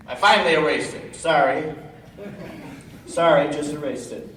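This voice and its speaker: At a panel in a large convention hall, a comedic voice actor teases the audience with sarcastic, profane, improvised banter. His voice is a little high and somewhat bright, at normal speed with long pauses. The distant mic picks up an echoey, noisy hall.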